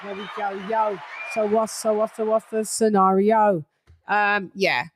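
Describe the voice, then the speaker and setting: A woman hosting a boxing talk stream, chatting casually and giving loud shout-outs, swearing freely. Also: medium pitch, fairly even intonation, a little slow, some chatter behind, a little hiss or hum. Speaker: boxing channel host. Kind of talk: casual livestream chat.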